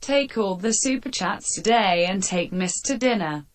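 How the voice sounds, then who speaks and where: A text-to-speech woman's voice reading out donation messages in a flat, automated way. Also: mid-range voice, a little slow.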